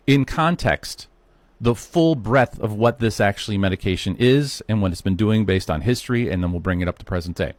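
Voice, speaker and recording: A man's voice: lowish voice, no echo. A man in his fifties giving a casual solo talk, walking viewers through a history with chatty, rhetorical asides. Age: 50s. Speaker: health talk host. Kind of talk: solo educational monologue.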